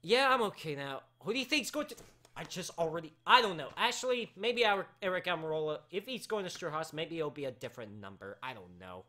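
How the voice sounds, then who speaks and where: A man hosting a casual live talk show, excitable and rambling, with his voice cracking and breaking into sudden shouts. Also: a little high, fast talker.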